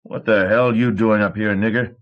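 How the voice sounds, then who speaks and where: A man voicing a sneering young male thug who spits out rough threats in dialect. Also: fairly low pitch, normal speed, pitched above the performer's own voice, natural voice. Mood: menacing. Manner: harsh rough-spoken threats in rural dialect. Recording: dull old cassette tape.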